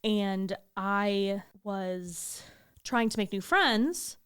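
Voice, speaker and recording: A young woman co-hosting a podcast tells a story in casual conversation, acting out quotes and swearing freely. Her mid-range voice is very slow, clean, and slightly bright.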